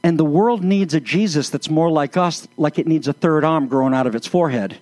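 A man's voice: on the high side, fairly quick, a little mellow, no room sound. A man speaking as a pastor in sermon-style commentary, earnest, with flashes of exasperated sarcasm.

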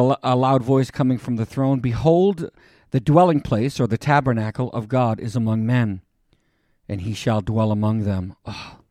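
A man's voice: medium pitch, darkish tone, dry recording, clean studio sound. A man preaching a sermon to his congregation with fervent emphasis and asides to the room. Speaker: pastor. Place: church hall with dim lighting.

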